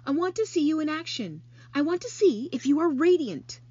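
A woman's voice: mid-range voice, moderate pace, slightly rough, dull audio. Woman doing a wise, kindly spider. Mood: commanding, fond. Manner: gentle, coaxing, lively. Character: wise, kind female barn spider.

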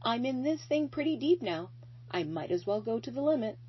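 Woman voicing a wise, kind lady spider for a storybook, lively and husky, lo-fi sound. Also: fairly high pitch, moderate pace, voice pushed up. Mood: commanding, fond. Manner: gentle, coaxing, lively.

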